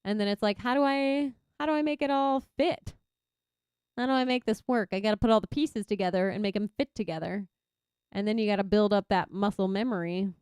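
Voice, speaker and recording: A young Texan woman streaming a game and chatting casually, reacting loudly to her viewers. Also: medium pitch, brisk, clear, resonant tone, no room sound, clean studio sound. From Texas. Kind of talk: casual chat while gaming.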